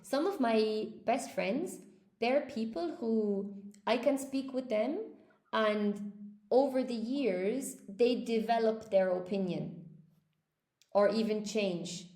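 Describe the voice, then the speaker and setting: A woman's voice: on the high side, slow pace, warm tone, roomy sound. A woman teaching English on a live stream, chatting with viewers and cheering them on in an upbeat way. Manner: upbeat, encouraging, reads chat aloud.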